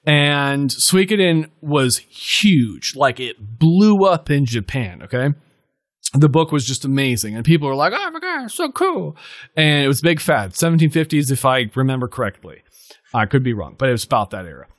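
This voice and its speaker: Male podcast host, loose rambling delivery, mid pitch, dry sound. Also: animated, normal speed, no echo. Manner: rambling, full of fillers and self-corrections. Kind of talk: casual chat.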